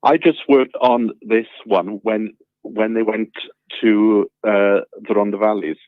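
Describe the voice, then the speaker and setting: Low-voiced man over a tinny phone line. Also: slow pace, dry recording. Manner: relaxed storytelling, many fillers. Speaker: caller. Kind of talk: casual phone chat.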